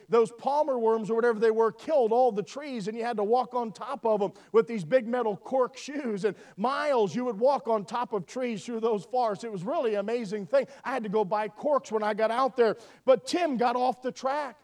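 High-pitched man preaching from afar. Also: brisk, a little mellow. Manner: folksy storytelling, asks "amen?". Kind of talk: sermon with personal story. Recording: voice from far off the mic.

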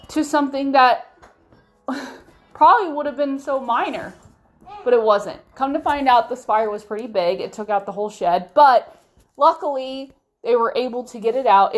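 A woman's voice: fairly high pitch, roomy sound. A woman telling a personal story in an earnest, emotional way, often stopping and restarting her sentences. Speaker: vlogger.

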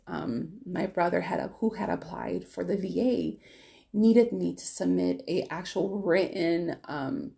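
Low gravelly woman, candid and rambling. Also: mellow. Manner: candid, rambling storytelling with many restarts. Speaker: podcast host. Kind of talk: personal podcast monologue.

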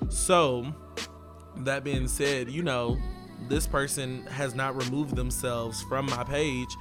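A man's voice: medium pitch, fairly even intonation, slow, over loud music. A young man talking straight to his viewers in a casual vlog, rambling with lots of "like" and "um". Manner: casual, meandering, filler-heavy with likes and ums. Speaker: vlogger.

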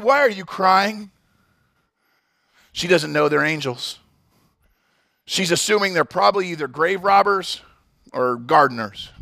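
A man's voice: a little high, vocal fry, a bit bright, no echo, studio quality. A man preaching a sermon as pastor, emphatic, often restarting his words.

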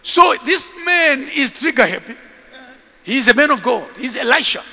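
High-voiced, animated preacher in a ringing hall. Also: male voice, moderate pace. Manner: animated storytelling, acting out scenes. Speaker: bishop and preacher. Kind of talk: sermon.

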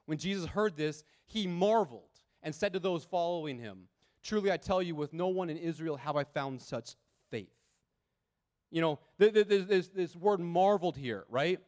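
A man preaching a sermon, earnest and emphatic, talking conversationally with rhetorical questions and moving between loud and quiet passages. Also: a little high, expressive, moderate pace.

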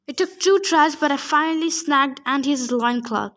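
A woman's voice: high voice, moderate pace, fairly bright tone. A woman narrating a first-person adventure story aloud, casual, with joking asides. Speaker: audiobook reader.

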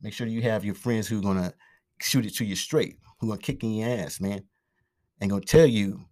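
A man hosting his own podcast alone, talking fast and loosely with slang, fillers and restarts. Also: fairly low pitch, a little mellow. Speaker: podcast host. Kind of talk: casual solo podcast monologue. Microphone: podcast microphone.

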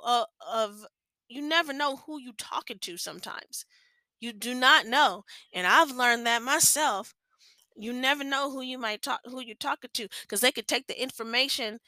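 A woman's voice: a little high, sharp tone, no echo. A young adult woman hosting a faith-based podcast, talking earnestly in a rambling way with many restarts. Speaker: podcast host.

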